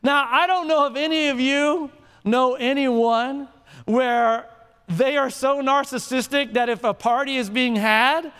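A man's voice: very high-pitched, steady tone, measured pace, a bit bright, clean tone. A man preaching a sermon in a large church hall, conversational and playful, asking the congregation questions. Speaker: pastor. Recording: reverberant hall.

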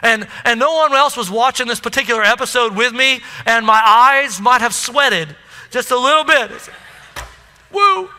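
Preacher, male, lively storyteller with a very high, bright voice, echoey sanctuary sound. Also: moderate pace. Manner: animated storytelling, addresses the crowd. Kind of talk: sermon. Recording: echoey hall.

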